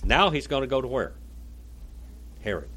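A man's voice: mid-range voice, sing-song, normal speed, bright, forceful tone, husky. A man preaching, reading a long text aloud with dramatic emphasis and stopping to explain it, sometimes tripping over hard words.

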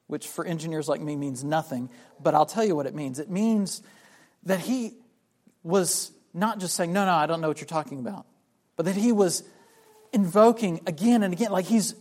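A man's voice: sits high, animated, a little slow, darkish tone. A man from South Carolina preaching a sermon on a Bible passage. He acts out the voices of the people he quotes and repeats words as he restarts his sentences. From South Carolina, USA.

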